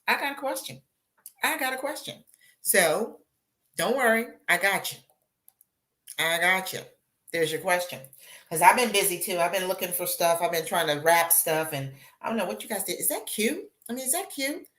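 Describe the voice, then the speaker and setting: A woman's voice: on the low side, moderate pace. A woman hosting a live show as a beauty consultant, chatting casually with viewers and acting out little asides. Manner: chatty, animated, acts out voices in asides.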